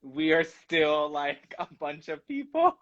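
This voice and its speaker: Young man, bright, edgy voice, rambling chat over dull lo-fi phone audio. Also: on the high side, very animated, slow. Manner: rambling, hesitant, many fillers. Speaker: guest on a live stream. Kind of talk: casual live-stream chat.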